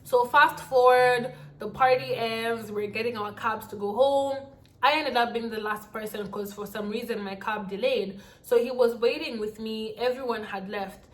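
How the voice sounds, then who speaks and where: A woman telling a dramatic storytime vlog in an animated way. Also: fairly high pitch, moderate pace. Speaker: vlogger.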